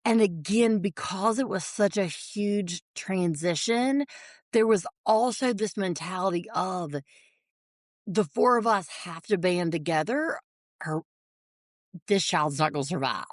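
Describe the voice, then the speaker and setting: A woman, a podcast guest telling a personal story, animated and quick to laugh. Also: lowish voice, no echo, clean studio sound. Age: 40s. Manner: animated storyteller, acts out family voices, laughs often.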